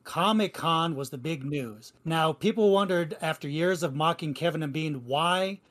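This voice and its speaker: A man's voice: on the high side, normal speed, fairly bright tone. A man hosting a podcast, introducing old radio clips in casual, chatty talk with easy laughter. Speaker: podcast host.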